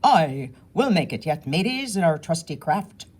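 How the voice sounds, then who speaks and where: A woman's voice: low-pitched, big pitch swings, measured pace, a little mellow, full character voice. A woman reading aloud, voicing a jolly grown man who talks in a hammy, hearty, bad pirate voice.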